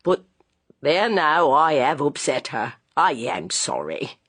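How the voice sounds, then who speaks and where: An audiobook narrator voicing a good-natured young detective who speaks slowly and earnestly in plain working-class speech. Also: mid-range voice, lively intonation, a bit bright, slightly rough, no room sound, heavily acted. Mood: sheepish.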